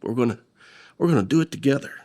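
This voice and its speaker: Gravelly Oklahoma stepfather, earnest. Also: mid-range voice, fast, mellow. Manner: earnest, repeats words, speaks with emotion. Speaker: stepfather of the deceased. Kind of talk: documentary interview storytelling.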